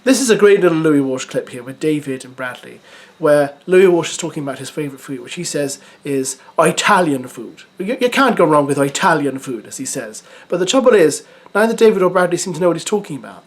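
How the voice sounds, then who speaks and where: Man, vlog host, chatty, lively pitch, slightly high. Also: fast talker. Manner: chatty, addresses viewers as guys. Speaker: video host. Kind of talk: vlog commentary.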